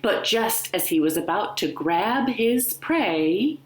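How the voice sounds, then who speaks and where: A children's librarian reads a picture book aloud to young children, taking her time and staying gentle. Her pitch rises and falls freely, and the room around her voice is echoey. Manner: slow, gentle and expressive. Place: home living room.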